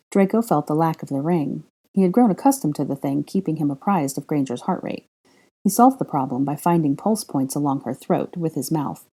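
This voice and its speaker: A woman reading a story aloud as a fan fiction narrator, in a measured, even delivery with wry asides. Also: sits low. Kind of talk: audiobook narration.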